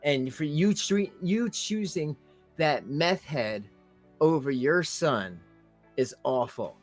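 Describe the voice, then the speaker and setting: A man rants in reaction commentary, heaping sarcasm and scorn on his target. His voice sits a little higher than most men's, and soft music plays faintly underneath. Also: expressive, slow. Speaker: commentary channel host.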